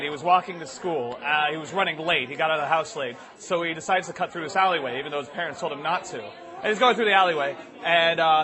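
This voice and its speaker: A young man telling a long comic story to a live audience, rambling with lots of fillers. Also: on the high side.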